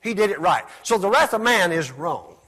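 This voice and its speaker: A man preaching a sermon in call-and-response style, asking the congregation to repeat words after him and swinging between loud exclamations and soft asides. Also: high-pitched, very animated, normal speed, slightly rough.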